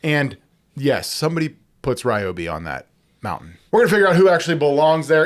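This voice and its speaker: Male podcast host, casual banter, animated and blunt. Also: mid-range voice.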